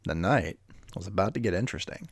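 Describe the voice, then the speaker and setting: Man reading a story with lively pitch. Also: fast talker, husky, no echo, clean studio sound. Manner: casual, profane, self-deprecating. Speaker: reader of stories. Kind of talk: reading a story aloud with casual asides.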